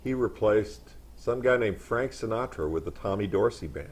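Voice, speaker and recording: A man chatting as a guest, telling trivia-filled stories with animated relish. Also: lowish voice, normal speed, husky. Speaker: guest storyteller. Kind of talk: casual anecdotal chat.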